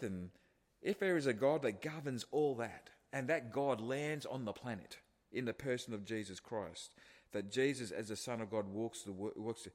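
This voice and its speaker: A man preaching a sermon to a congregation in a conversational way, with rhetorical questions and restarts. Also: medium pitch. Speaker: pastor. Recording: long hall reverb.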